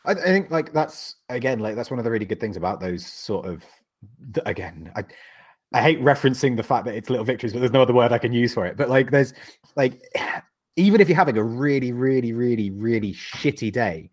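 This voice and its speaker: A man's voice: medium pitch, lively intonation, a little fast. A man from the UK co-hosting a podcast, telling a rambling, sweary story with frequent laughs. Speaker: podcast co-host. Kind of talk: casual chat.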